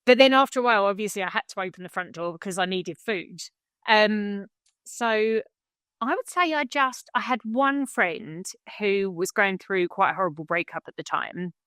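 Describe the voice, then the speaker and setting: A woman's voice: mid-range voice, moderate pace, a bit bright, clean tone, no echo, studio quality. A woman speaking as a podcast guest in a frank, blunt, matter-of-fact way. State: widowed, remarried. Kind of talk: frank conversational podcast talk.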